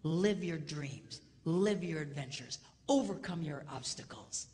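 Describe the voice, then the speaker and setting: A male seminar speaker addressing a live audience in a comedic, preacher-like way. He swings from hushed near-whispers to loud, laughing shouts. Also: a little high, animated, measured pace. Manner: preacher-like exhortation. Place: large hall before a live audience. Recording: hall reverb with faint noise.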